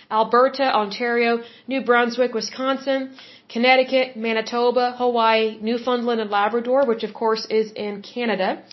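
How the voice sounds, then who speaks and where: A woman's voice: on the high side, lo-fi sound. A middle-aged woman from the United States hosting a solo podcast, talking casually, emphatically and repetitively. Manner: chatty and emphatic, repeats herself. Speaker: podcast host.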